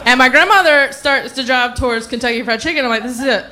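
A woman from North Carolina with a Southern accent doing an animated, self-mocking stand-up set on a comedy club stage. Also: high-pitched, fast talker, background noise. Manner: animated storytelling, playful self-mockery.

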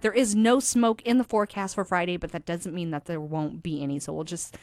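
A woman's voice: fairly low pitch, fairly even intonation, brisk, a little mellow, no room sound. A woman radio DJ on a rock station, chatting through the weather and ads with a slight lisp and laughing at herself. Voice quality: slight lisp from a teeth aligner. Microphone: studio microphone.

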